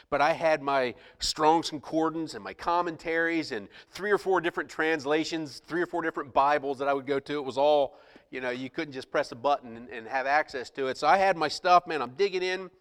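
A middle-aged pastor with a high-pitched voice preaches to his congregation, telling a story about himself with lively, self-mocking humor. His voice rings out in a large church sanctuary with a long, trailing reverb. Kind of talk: storytelling sermon.

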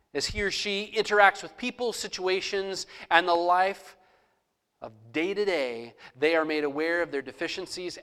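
A man's voice: sits high, a bit bright. A middle-aged man preaching a sermon as pastor, conversational, acting out prayers aloud in his own voice.

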